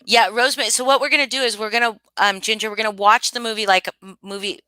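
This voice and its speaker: Chatty woman with a bright, crisp voice. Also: on the high side, steady tone, fast, no room sound. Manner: rambling, thinks aloud, frequent restarts and asides. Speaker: livestream host. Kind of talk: casual live chat answering viewers.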